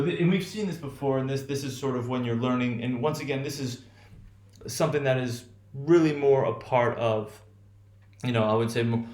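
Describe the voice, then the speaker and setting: Casting: male pronunciation teacher, mid-pitched, loose rambling lecture, reverberant room. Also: darkish tone. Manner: thinks aloud with many fillers and "right?" tags. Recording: echoey room.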